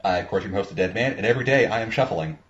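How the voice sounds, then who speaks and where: A man with a fairly low voice hosts a loose, rambling commentary chat, full of swearing. He is on an online call, and the audio is dull and lo-fi. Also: racing, a bit bright. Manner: profane, rambling. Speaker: podcast host. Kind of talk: casual commentary-track chat.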